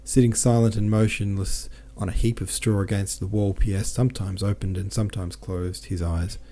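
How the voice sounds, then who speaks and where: A man narrating a novel as an audiobook, reading in a steady, measured way. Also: fairly low pitch, a little hiss or hum. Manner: steady, measured reading with small self-corrections.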